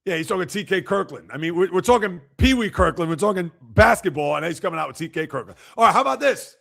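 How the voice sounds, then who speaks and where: Gravelly high-voiced man teasing his live chat. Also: animated, fast, a bit bright. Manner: teasing, competitive, reads and answers viewer comments. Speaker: livestream sports host. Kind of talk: casual live-chat banter.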